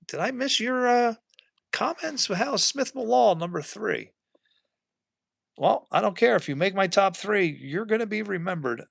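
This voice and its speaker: A man's voice: high voice, creaky, fairly bright tone, no room sound, studio quality. A man hosting a casual live stream, chatting and reading viewer comments aloud in a rambling way. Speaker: livestream host.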